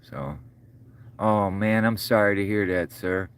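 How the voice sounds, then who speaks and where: A middle-aged man with a low-pitched voice chats with his livestream viewers in a loose, folksy ramble, calling them brother and sir. His voice keeps catching as though he's choked up. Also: normal speed, a little hiss or hum. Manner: choked up, voice breaking. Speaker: livestream host. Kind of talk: casual livestream chat.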